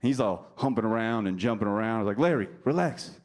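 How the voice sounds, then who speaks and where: Deep-voiced stand-up comic from New Jersey. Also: male voice, fast talker. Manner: deadpan, teasing the audience. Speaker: stand-up comedian. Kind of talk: stand-up routine with crowd work. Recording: live club recording with audience noise. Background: audience laughter.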